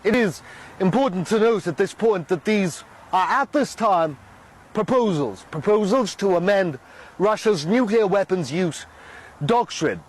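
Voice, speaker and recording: A man giving a broadcast news report in a measured, formal way. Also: sits high, animated. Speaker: news correspondent.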